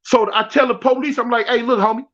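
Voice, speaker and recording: A man from South Central Los spins a prison story in slang, repeating himself and acting out each quote. His voice sits very high. The recording sounds dull and lo-fi. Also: fairly even intonation, fast, fairly bright tone. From South Central Los Angeles. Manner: acts out quotes, repeats and restarts phrases, slangy. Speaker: guest telling a prison story. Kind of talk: animated storytelling.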